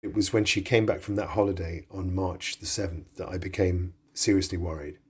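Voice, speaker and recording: A man narrating a documentary podcast in a measured, sober reading. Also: sits low, fairly even intonation, husky. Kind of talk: scripted narration.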